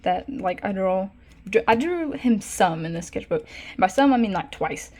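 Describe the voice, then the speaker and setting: Young woman for a casual art vlog: rambly and giggly, plenty of fillers, gets excited over her own drawings, mid-range voice. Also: medium pitch, moderate pace. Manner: rambling, giggly, frequent fillers and self-corrections. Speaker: art vlogger. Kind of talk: casual sketchbook tour.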